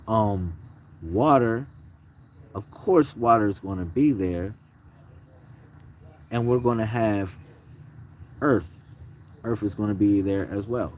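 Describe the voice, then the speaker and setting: A young man talking casually on his own channel, relaxed and slangy, pausing often with restarts. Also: lowish voice, a little hiss or hum. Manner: laid-back, slangy, laughs often, many restarts. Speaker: spiritual vlogger. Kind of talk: casual chat and spiritual talk.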